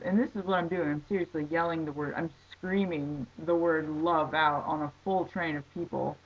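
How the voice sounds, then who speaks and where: A woman telling a story casually on her vlog, excitable and rambling, full of "like". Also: on the low side, moderate pace, few pauses, lo-fi sound. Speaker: vlogger.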